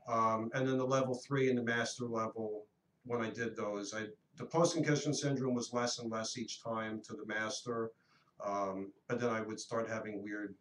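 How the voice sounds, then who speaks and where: Radio host in his 50s, earnest and animated storyteller, a bit off the mic in an echoey room. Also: on the low side, normal speed, a little hiss or hum. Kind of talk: casual storytelling on a talk radio show. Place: radio studio. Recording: roomy echo, mic at a distance.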